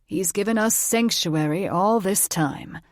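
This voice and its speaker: A man's voice: high voice, unhurried, no echo, clean studio sound. A woman voicing a solemn old grandfather shifter who smokes a pipe, in a fantasy audiobook. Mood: shamefaced.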